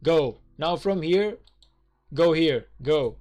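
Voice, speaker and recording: A man's voice: a little high, expressive, slow pace, a little mellow, faint music behind. Exasperated rambling male game streamer. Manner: exasperated, rambling, swears, many fillers. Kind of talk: casual gameplay commentary.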